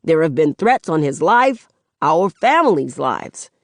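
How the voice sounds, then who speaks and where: A woman's voice: low voice, big pitch swings, unhurried, dry recording, exaggerated voice. A woman voicing an aggrieved middle-aged father giving a TV interview, defensive and complaining. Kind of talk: audiobook narration.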